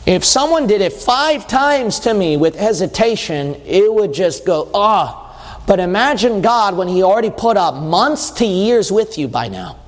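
High-voiced male preacher in a reverberant hall. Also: big pitch swings, normal speed, hardly any pauses. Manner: conversational preaching, reading scripture aloud and questioning the audience. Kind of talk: sermon.

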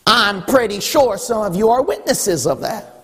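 A man preaching a sermon as pastor, exhorting with wry rhetorical questions and a husky voice. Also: sits high, animated, normal speed, a bit bright. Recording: long hall reverb.

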